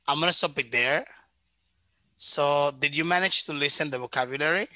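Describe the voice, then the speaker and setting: A man's voice: on the high side, normal speed, sharp tone, no echo, low-quality recording. A man teaching English in an online lesson, repeating vocabulary back and patiently explaining pronunciation.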